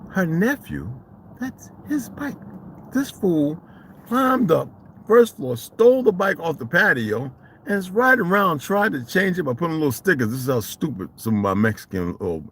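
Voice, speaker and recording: A man telling a story in a casual vlog monologue, animated and profane, in street slang. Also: medium pitch, a little hiss or hum. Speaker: vlogger.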